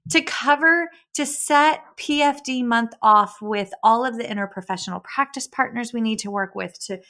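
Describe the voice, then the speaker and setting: A woman's voice: fairly high pitch, moderate pace, sharp tone. A woman in her thirties hosting a podcast from her kitchen table, chatting casually and giggling often. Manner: giggly and effusive. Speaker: podcast host. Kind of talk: casual interview chat.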